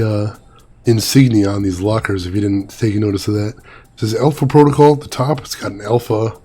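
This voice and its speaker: This fairly low-pitched, warm-toned man hosts a gaming video, his voice a little weak. He chats, jokes and reads game text aloud in casual let's-play commentary.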